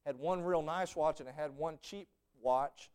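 Preacher man, smooth and clear, spins sermon stories, quiet then loud. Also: on the high side, measured pace. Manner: storytelling, swings from hushed to shouting.

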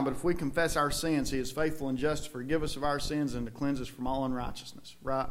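A man's voice: mid-range voice, steady tone, fast, few pauses. A man with a Southern US accent preaching a sermon in a church, folksy and conversational, with emphatic outbursts.

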